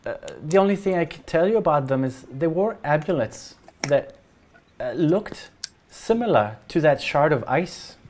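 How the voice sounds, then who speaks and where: Guy doing a worried mom, halting and stammery, voice pushed up higher. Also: expressive, darkish tone, a little hiss or hum, natural voice. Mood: anxious. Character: worried middle-aged woman, a missing man's mother.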